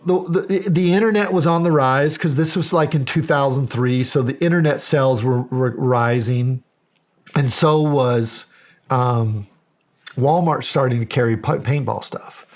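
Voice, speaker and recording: A man's voice: medium pitch, a little mellow. A middle-aged American man telling a story in a podcast interview, acting out the quoted dialogue with animation. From United States. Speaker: guest, county sheriff.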